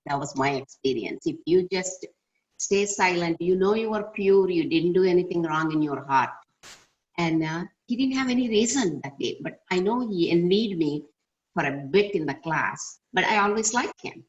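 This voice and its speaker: An older woman with a very low voice tells a personal story to a class, earnest and reflective. She is heard over a dull, lo-fi video call. She adds thoughtful asides as she goes. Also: lively intonation, moderate pace. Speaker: class participant. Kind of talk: personal anecdote in a group discussion.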